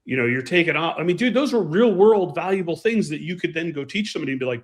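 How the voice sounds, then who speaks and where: A man co-hosting a casual podcast, telling emphatic, animated anecdotes about flying. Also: a little high, quick pace. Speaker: podcast co-host and pilot. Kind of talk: casual chat, storytelling.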